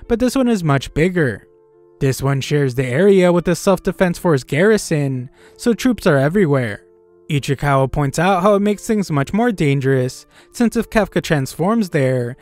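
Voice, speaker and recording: A man's voice: on the high side, dry recording. Man narrating an anime recap, dry close sound. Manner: steady, matter-of-fact storytelling. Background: faint background music.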